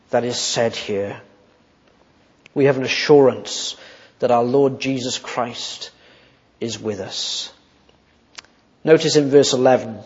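A man preaching an expository sermon, emphatic and slowing down on key points. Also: on the high side, a little mellow. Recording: muffled sound with long reverb in a hall.

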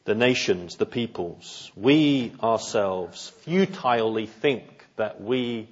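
A man preaching a sermon, animated and acting out quoted voices, at times dropping to hushed tones. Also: fairly low pitch, takes it slowly, hardly any pauses, dull audio.

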